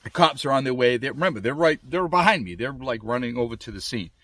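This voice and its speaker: A man casually telling a personal story to camera, animated and rambling, with lots of restarts and fillers. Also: medium pitch, fast, no room sound. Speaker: gear reviewer telling his accident story. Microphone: small camera mic.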